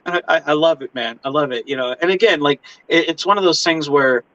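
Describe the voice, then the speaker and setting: A fairly high-voiced, excitable man hosting a casual chat. He swears freely and bursts into acted-out voices. His sound is dry and a little muffled. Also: a little fast, no room sound. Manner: excitable, swearing, acts out voices with big pitch jumps. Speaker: host.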